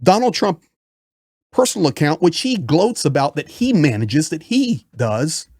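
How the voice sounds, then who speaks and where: A man's voice: on the high side, big pitch swings, a little slow, a little mellow, no echo, studio quality. A man giving impassioned political commentary in a frustrated, emphatic way.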